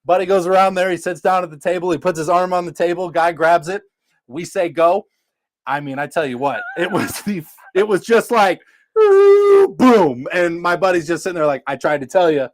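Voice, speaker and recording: A man from Iowa co-hosting a casual drinking podcast, telling a lively story and acting out the people in it. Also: high voice, brisk, dry recording. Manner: animated storyteller acting out quotes. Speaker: podcast co-host.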